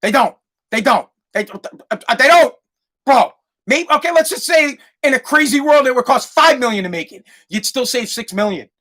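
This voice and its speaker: A man's voice: very high voice, animated, moderate pace, fairly bright tone. A man in his thirties hosting a podcast, ranting in a worked-up, profane, repetitive way with many restarts. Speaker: podcast host. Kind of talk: comedic ranting monologue.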